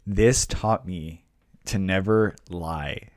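Low-voiced young man rambling through a story. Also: slow pace, noisy background. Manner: rambling storyteller, many fillers and restarts. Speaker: podcast co-host. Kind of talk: casual chat.

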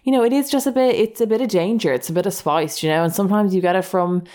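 A woman's voice: mid-range voice, fast talker, dark tone. A young woman in her twenties telling rambling, self-mocking dating stories as a podcast host. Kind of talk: casual storytelling monologue.

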